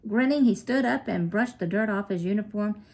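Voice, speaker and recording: A woman narrating a children's story in a steady, clear way. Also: mid-range voice, normal speed.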